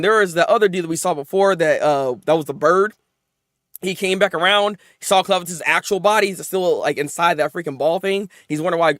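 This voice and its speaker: A man excitedly recapping anime episodes in casual chat, laughing often and acting out characters' lines. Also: high-pitched, no room sound, studio quality. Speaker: anime reviewer.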